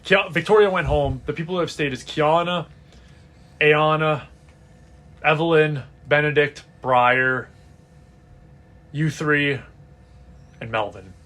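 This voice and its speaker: A man's voice: on the high side, slow, pauses often, a bit bright. A man narrating as game master of a tabletop role-playing game, casual, with many fillers.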